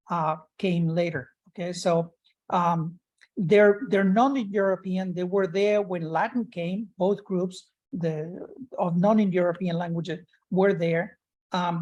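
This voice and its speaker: Man giving a measured academic lecture. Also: high voice, darkish tone, dull audio. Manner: measured and explanatory, frequent fillers and restarts. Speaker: professor presenting at a conference.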